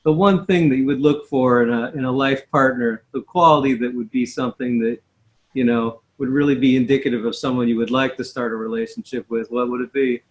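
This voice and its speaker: A man's voice: mid-range voice, steady tone, fairly quick, muffled recording. A man interviewing, asking searching questions in a loose, casual way.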